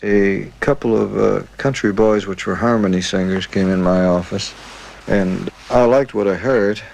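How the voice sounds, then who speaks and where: Gravelly older-sounding man reminiscing. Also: lowish voice, slight background noise, poor audio. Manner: relaxed recollection with filler pauses. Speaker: music publisher interviewed. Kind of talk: archive interview.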